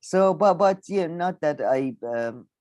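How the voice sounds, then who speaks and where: A man co-hosting a casual podcast chat, animated and quick to laugh. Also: no room sound, lo-fi sound. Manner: animated, laughs often, lively pitch. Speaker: co-host.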